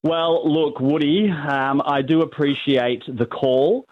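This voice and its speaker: A man speaks down a dull, muffled phone line, his voice fairly high. He answers with wry, deadpan humor. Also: slow. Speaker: guest on the phone. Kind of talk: dry joking over the phone.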